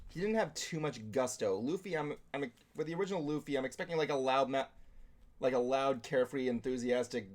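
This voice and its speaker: A man co-hosting a talk show, chatting casually in an animated, rambling way and swearing often. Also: mid-range voice, a little fast. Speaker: podcast co-host. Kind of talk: casual chat.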